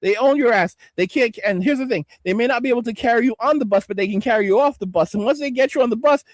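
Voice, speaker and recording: This is a man with an extremely high voice talking quickly on a dry recording. As a livestream host, he rants profanely and rambles, stammering through restarts while speaking directly to viewers and reading their chat comments aloud.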